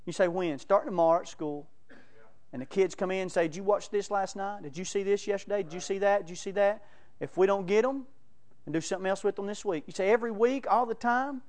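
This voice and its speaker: A man's voice: sits high, fast, darkish tone. A man preaching a sermon, telling folksy stories and laughing between them. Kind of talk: sermon with storytelling.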